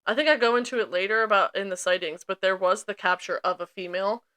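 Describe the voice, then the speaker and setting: A woman's voice: mid-range voice, fast. A woman co-hosting a podcast, chatting casually and reading from notes with frequent ums. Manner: relaxed, hesitant with frequent ums. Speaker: podcast co-host.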